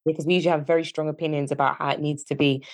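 Speaking fast in a deep voice with no echo, this Yorkshire-accented woman co-hosts a casual podcast conversation. She's earnest and discursive, going on at length, and gets animated when something riles her.

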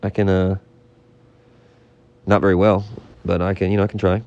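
A man co-hosting a comedy podcast, halting and exasperated as he tries to keep the talk on track. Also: low voice, level tone, darkish tone, no room sound, lo-fi sound.

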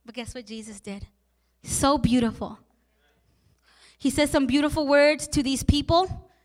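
A woman pastor preaching a sermon with passion, repeating lines and asking the listeners questions, at times turning soft and emotional. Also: high-pitched, measured pace.

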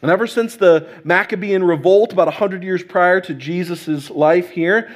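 A man delivers a Sunday sermon, his voice sitting a little higher than most men's. He talks it through casually, restarting phrases and adding "right?" to bring the listeners along. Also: moderate pace. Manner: conversational preaching with fillers and restarts, asking "right?". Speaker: pastor.

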